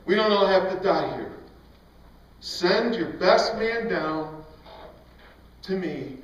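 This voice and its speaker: A man's voice: sits high, lively intonation, slow. A man playing a boastful giant warrior. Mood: taunting. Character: boastful giant male warrior issuing a challenge. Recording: echoey hall, mic far off, dull sound.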